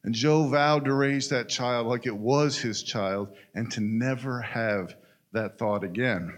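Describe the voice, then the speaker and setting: A man's voice: medium pitch, unhurried. A man telling a story in a folksy, conversational way, talking straight to his listeners. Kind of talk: storytelling in a casual retelling.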